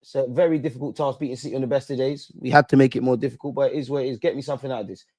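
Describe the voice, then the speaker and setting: A man giving a live reaction to a football match, calling out to the players and the referee as if they could hear him. His talk is casual and slangy, with occasional swearing, and his voice sits at an ordinary middle pitch. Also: steady tone, racing, darkish tone. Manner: emotional, talks at players and referee on screen. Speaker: football watch-along host.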